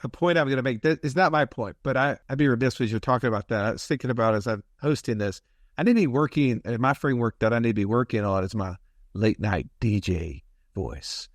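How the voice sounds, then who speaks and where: This podcast host is a man with a mid-range voice who talks fast, recorded in clean studio sound with no room echo. He explains ideas conversationally, often checking in with "right?"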